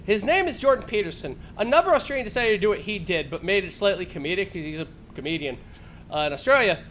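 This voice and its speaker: Lively high-voiced man streaming. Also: fast, slight background noise. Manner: animated, swearing, laughing often. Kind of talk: casual chat while gaming.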